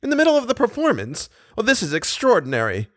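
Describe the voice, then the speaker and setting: A man voicing a flustered opera manager, high and excitable. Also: a little fast, no echo, studio quality. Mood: astonished. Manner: excitable, exasperated, high-pitched outbursts. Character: flustered middle-aged male opera manager.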